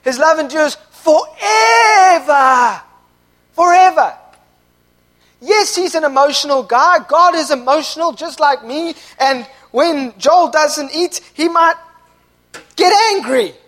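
High-voiced young man preaching with passion. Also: unhurried. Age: young adult. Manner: impassioned, swinging from quiet to shouting. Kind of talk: sermon. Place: church service.

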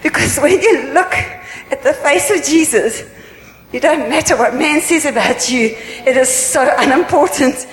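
A woman's voice: sits high, a little slow. A woman preaching a sermon in a church, earnest and repetitive, asking pleading questions. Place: church hall. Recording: echoey hall, faint room noise.

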